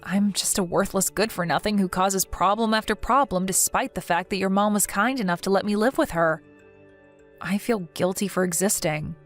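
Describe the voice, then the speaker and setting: A woman's voice: mid-range voice, normal speed, faint music behind, natural voice. A woman voicing a timid, self-loathing young wife who talks meekly and apologetically, in a text-message story reading. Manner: meek and apologetic.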